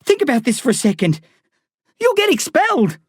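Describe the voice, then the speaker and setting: A man's voice: very high voice, huge pitch swings, fairly quick, slightly rough, dry recording, clean studio sound, pitched above the performer's own voice, full character voice. A man voicing a frightened schoolboy who stammers and pleads in panic. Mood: panicked pleading. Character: frightened schoolboy narrator's younger self, pleading.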